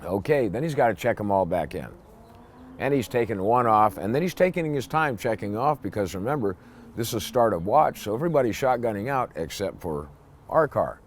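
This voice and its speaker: A man's voice: fairly low pitch, expressive, a little fast, slight background noise. Blunt older man spinning a police yarn. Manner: blunt, salty storyteller who acts out gruff quoted lines. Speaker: former police officer telling stories. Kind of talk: casual spoken anecdote.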